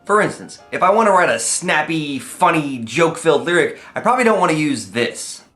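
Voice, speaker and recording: A man's voice: a little high, big pitch swings, brisk. A man teaching how to write comedy lyrics in a friendly, explanatory video lesson, with the odd "uh" and "um". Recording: echoey room, faint music.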